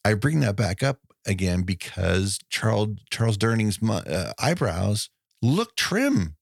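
Low gravelly man chatting about movies. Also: big pitch swings, a little slow, no room sound, clean studio sound. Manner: rambling, laughs often, restarts sentences. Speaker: podcast co-host. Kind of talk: casual movie podcast chat.

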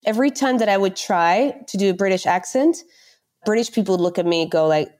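Woman from the Netherlands, podcast guest, animated storyteller, medium pitch. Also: fast. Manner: animated, acts out quoted exchanges. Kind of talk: casual storytelling.

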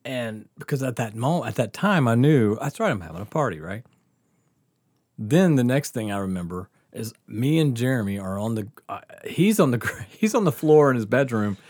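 A man's voice: mid-range voice, expressive, moderate pace, darkish tone, no echo, clean studio sound. A man telling a story in casual chat, laughing often and swearing freely. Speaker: podcast host telling a story.

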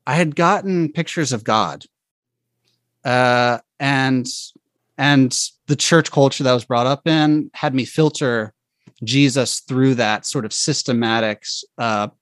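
A man shares a personal faith story in a conversation, pausing and restarting as he searches for words. His voice sits at a middling pitch. It is recorded close and dry, with no room sound. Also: a bit bright, no room sound. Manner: halting and reflective, with frequent restarts and fillers.

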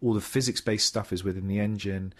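A man's voice: lowish voice, fairly even intonation, a little fast, fairly bright tone. A man co-hosting a casual gaming chat show, talking in a rambling, explanatory way with many fillers.

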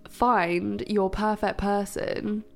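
A woman's voice: medium pitch, flat delivery, slow, gravelly, faint music behind. A young woman, co-hosting a podcast and telling personal stories in casual, candid chat. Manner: candid, chatty, storytelling. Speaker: podcast co-host.

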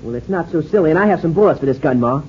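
Brief: male actor as a brash young ranch hand, quick-talking, fairly high voice, lo-fi old radio sound. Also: expressive, a little hiss or hum, natural voice. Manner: quick, boyish western drawl. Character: brash young ranch boy, eager gunslinger wannabe. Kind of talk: 1950s radio drama acting. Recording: dull lo-fi old radio broadcast.

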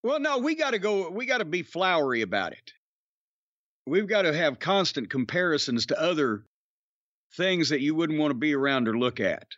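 A man's voice: a little high, big pitch swings, normal speed, a bit bright, no room sound, muffled recording. A man with a Southern US accent, hosting a podcast in a long-winded, sardonic, profane way. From Southern United States. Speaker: podcast host. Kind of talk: casual rambling chat.

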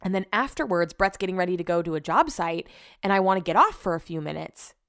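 Young woman, casual vlog story, animated, swears, acts out dialogue. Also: lowish voice, quick pace. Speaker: vlogger.

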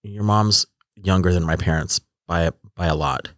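A man's voice: sits low, normal speed, no echo, studio quality. A man in his forties talking in a reflective, casual conversation, often trailing off and restarting his sentences. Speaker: podcast host.

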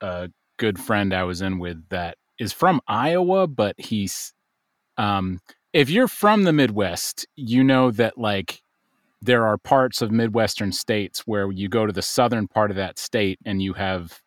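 A man telling stories in casual podcast chat, unhurried with many fillers. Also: on the low side, animated, dry recording, clean studio sound. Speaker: podcast guest.

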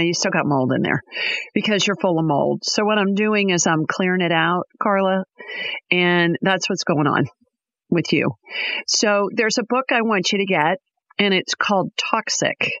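A woman hosting a call-in radio show, giving callers brisk, direct advice. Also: lowish voice, fairly bright tone, dry recording, dull audio.

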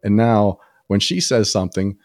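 A man co-hosting a casual podcast, telling personal stories in an animated way and acting out the people he quotes. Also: moderate pace, dry recording, clean studio sound. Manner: animated storytelling, acts out quoted people with sudden high pitch jumps. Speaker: podcast co-host. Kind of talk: casual conversation.

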